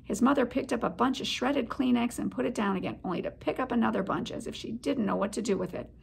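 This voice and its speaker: A middle-aged woman, a head of school, reading a children's chapter book aloud in an expressive storytelling manner. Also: a little high, fast talker, gravelly, slight background noise.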